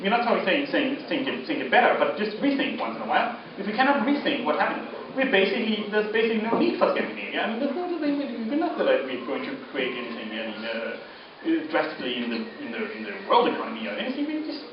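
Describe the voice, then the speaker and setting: A man from the Faroe Islands gives a rambling, joking, provocative lecture, halting and restarting as he talks. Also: high-pitched, very animated. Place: gallery lecture space. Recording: echoey, dull, noisy, far from mic.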